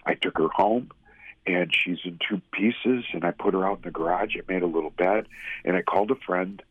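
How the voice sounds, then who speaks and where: A man's voice: low-pitched, brisk, breathy edge, dry recording. A man earnestly and emotionally telling his personal story as a guest. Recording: tinny phone-like sound.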